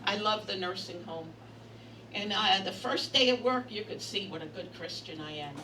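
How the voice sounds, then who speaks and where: A woman from Brooklyn, New York, works a bistro bar comedy night with a bawdy, brash set built on stories and punchlines. Her medium-pitched voice has a sharp tone and a moderate pace, captured in an echoey, distant, noisy room.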